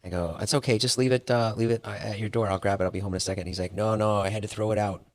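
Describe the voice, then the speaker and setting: A man's voice: lowish voice, very fast. A man co-hosting a podcast, telling stories in casual chat with frequent laughs and stumbling repeats. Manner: animated storyteller, laughs often, repeats words. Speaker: podcast co-host.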